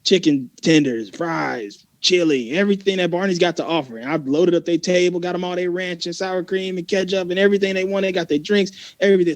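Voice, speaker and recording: A man telling a story in a casual podcast chat, animated and mimicking the people in it. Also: high-pitched, fairly quick, few pauses, no room sound.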